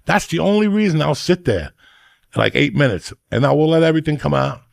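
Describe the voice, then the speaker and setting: A middle-aged man rants in a profane, rambling, comic way as a podcast host. His voice is gravelly and sits a little high, and it is recorded close and dry. Everything comes out loose, like talk between friends. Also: very animated, brisk, no echo. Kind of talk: crude comedic rant.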